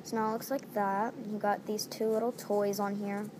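A woman's voice: mid-range voice, flat delivery, normal speed. A woman talking casually through a step-by-step craft tutorial at home, repeating each step as she goes. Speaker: DIY tutorial maker. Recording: noisy home recording.

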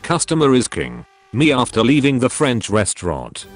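A man narrating a meme compilation, reading captions aloud one after another with brisk jumps between jokes. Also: mid-range voice, wildly swooping pitch.

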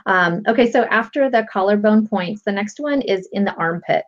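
A woman guest coach calmly walking listeners through a tapping technique step by step, with a patient, explanatory manner. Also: mid-range voice, normal speed. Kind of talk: instructional explanation. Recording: lo-fi dull audio.

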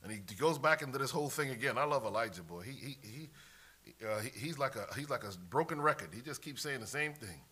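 A man preaching a sermon, emphatic, swinging from loud declarations to hushed asides and reading scripture in old-fashioned wording. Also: mid-range voice, animated, a little fast, slightly rough.

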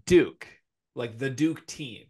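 An opinionated young man, sitting mid-range in pitch, talks sports in a loose, animated way. He has the hiccups and jumps between quick, confident rankings. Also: slightly rough. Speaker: podcast co-host. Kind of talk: casual sports talk.

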